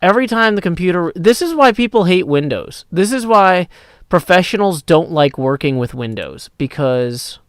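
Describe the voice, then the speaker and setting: A man chatting casually on a live stream, reading chat aloud and rambling through answers on a desk mic that clips when loud. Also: high-pitched, animated, moderate pace, smooth, dry recording, studio quality.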